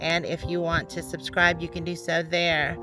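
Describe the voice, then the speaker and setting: A man's voice: on the high side, moderate pace, over music. A man casually narrating his garden work outdoors, thinking aloud as he goes. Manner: relaxed, thinking aloud as he works. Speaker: garden vlogger.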